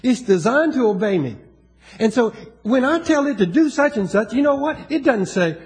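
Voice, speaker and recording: High-voiced Southern preacher man. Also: normal speed. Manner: folksy, joking asides, rises in emphasis. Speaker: pastor. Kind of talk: sermon.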